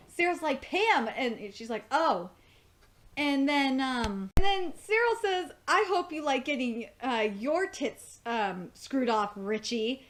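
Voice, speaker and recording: Excitable high-voiced young woman. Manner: excitable, laughs often, swears, frequent fillers. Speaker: episode reviewer. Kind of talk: casual recap.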